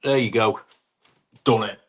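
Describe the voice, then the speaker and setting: A man's voice: fairly low pitch, a bit bright. Chatty man hosting a live stream. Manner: chatty, calls viewers mate, quick asides. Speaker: livestream host. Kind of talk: casual live chat reading viewer comments. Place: home room. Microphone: wireless clip-on mic.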